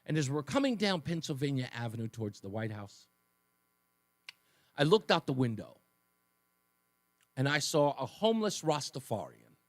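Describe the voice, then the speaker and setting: A man in his fifties hosting a talk radio show, telling a personal story with animated delivery and sarcastic asides. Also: medium pitch, moderate pace, pauses often, dry recording. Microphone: studio microphone.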